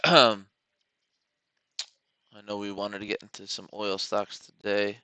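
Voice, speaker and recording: A man's voice: on the low side, steady tone, slow pace, sharp tone, clear, resonant tone, no room sound, poor audio. A man hosting a casual day-trading live stream from his home studio, rambling, joking and swearing freely as he talks through his trades.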